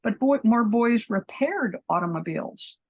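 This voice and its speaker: A woman's voice: on the high side, lively intonation, normal speed, a little mellow, breathy edge. A woman in her seventies, a podcast guest, telling long rambling stories and acting out the people in them, often laughing. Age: 70s. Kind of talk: long anecdotal interview storytelling.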